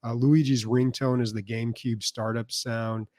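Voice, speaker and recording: A man's voice: mid-range voice, flat delivery, normal speed, darkish tone, dry recording, studio quality. A man co-hosting a casual gaming podcast, telling a long story with lots of fillers and restarts. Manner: rambling, filler-heavy storytelling. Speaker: podcast co-host. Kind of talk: casual chat.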